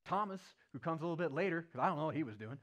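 High-voiced man preaching a storytelling sermon. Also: rapid-fire. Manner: animated, playful retelling with acted-out quotes. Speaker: pastor.

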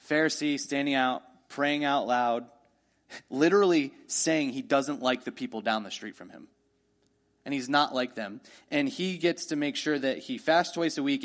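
A man preaching a sermon in a conversational way, often asking his listeners rhetorical questions and reading scripture aloud slowly. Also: medium pitch, lively intonation. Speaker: pastor.

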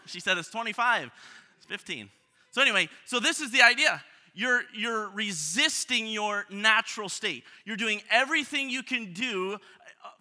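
A man's voice: high-pitched, sharp tone. A man in his thirties preaching a sermon, talking in a self-deprecating, conversational way with frequent restarts. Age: 30s. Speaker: pastor. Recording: reverberant hall.

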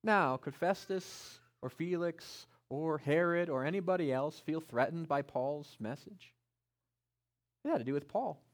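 Man, pastor, sermon, high voice, very lively intonation, animated delivery. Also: a little slow. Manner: animated preacher, voice climbing louder and higher as he builds; acts out biblical figures in first person.

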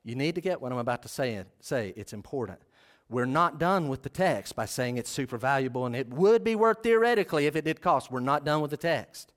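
A man's voice: medium pitch, expressive, brisk. A man preaching a sermon as pastor, passionate and emphatic.

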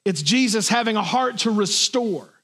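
Pastor, male, high voice, earnest sermon delivery. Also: expressive, normal speed, a bit bright. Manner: earnest preaching, acts out imagined voices.

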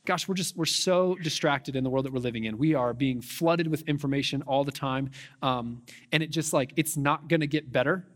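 A young adult man preaching a sermon as pastor, conversational and animated, with frequent fillers and quick restarts. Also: medium pitch.

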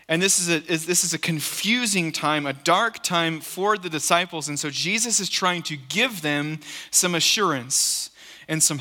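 A man preaching in a church sanctuary with a slightly high, sharply bright and forceful voice. He is earnest and emphatic, leaning on repeated phrases, and his words ring out with the long reverb of a large hall. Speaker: pastor. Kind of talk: sermon.

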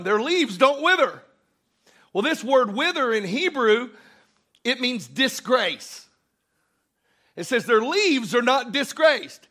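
A man's voice: very high-pitched, sharp tone. A middle-aged man preaching a sermon as pastor, telling a story with emphatic bursts.

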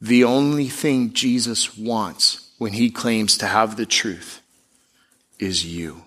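Animated preaching man. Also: lowish voice, slow. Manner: animated preaching with mocking put-on voices. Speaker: pastor. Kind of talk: sermon.

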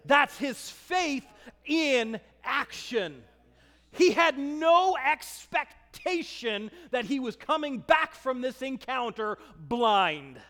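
High-voiced, impassioned male preacher. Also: big pitch swings, slow pace, long reverb tail. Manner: impassioned, swinging between shouts and hushed emphasis. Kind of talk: sermon.

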